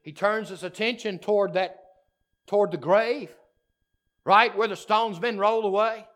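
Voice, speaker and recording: A man preaching a sermon, emphatic and impassioned, repeating key phrases and moving between loud declarations and hushed asides. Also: high-pitched, steady tone, normal speed. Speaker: pastor.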